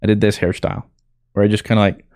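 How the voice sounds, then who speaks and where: A man's voice: on the low side, little pitch movement, quick pace, vocal fry, a little mellow, no room sound, clean studio sound. A young man, co-hosting a podcast and telling laid-back anecdotes. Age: young adult. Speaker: podcast co-host. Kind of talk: casual chat.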